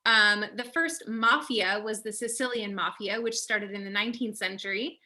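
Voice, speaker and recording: A woman's voice: mid-range voice, steady tone, moderate pace, sharp tone. A young woman casually hosting an online wine tasting over a video call, chatty and upbeat with lots of fillers.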